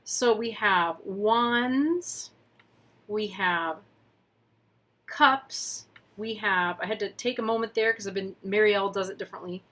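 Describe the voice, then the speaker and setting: A woman's voice: medium pitch, slow pace, bright, forceful tone. A woman doing a casual tarot reading on camera, chatty and playful, thinking aloud with asides as she explains. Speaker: tarot reader. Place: at a table with camera.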